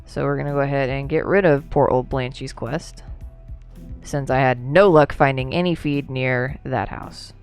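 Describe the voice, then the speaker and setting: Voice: mid-range voice, fairly even intonation, normal speed, clear, resonant tone, soft background music. A game streamer chatting casually through a livestream, rambling, laughing and answering chat, a few drinks in.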